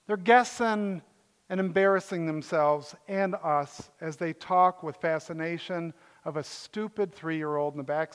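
Older man, pastor, high voice, chatty joking sermon, echoing hall reverb. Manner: joking, conversational preaching with asides.

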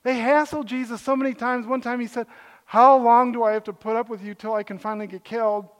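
High-voiced older man preaching in a hall. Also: fairly even intonation, quick pace. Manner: joking, conversational preaching with asides. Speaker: pastor. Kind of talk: sermon. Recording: echoey hall reverb.

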